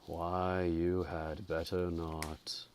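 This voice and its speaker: A man's voice: fairly even intonation, slight background noise. A man doing a dying, spiteful old nobleman. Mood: sinister. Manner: slow, menacing, low murmur.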